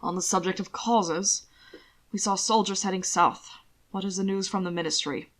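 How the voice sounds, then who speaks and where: Lady doing a calm posh lord, lower and quiet, measured, audiobook. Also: close to an everyday voice. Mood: composed. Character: calm refined aristocratic man, a lord.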